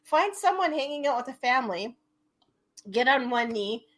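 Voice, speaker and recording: A woman's voice: sits high, animated, moderate pace, fairly bright tone. A woman hosting a comedy podcast in casual chat, giggly and often laughing as she reads items out. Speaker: podcast host.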